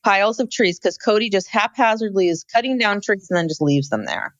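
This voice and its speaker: Recapping a reality show as a podcast co-host, this woman talks fairly quickly in a medium-pitched voice on a dry recording. She's chatty and animated, letting out exclamations at the frantic moments.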